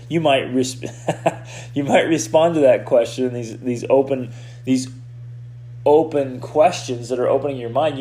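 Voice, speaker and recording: Speaking in a mid-range voice over a little hiss or hum, a male coach hosts a podcast. His motivational talk is animated, full of restarts and repeated words.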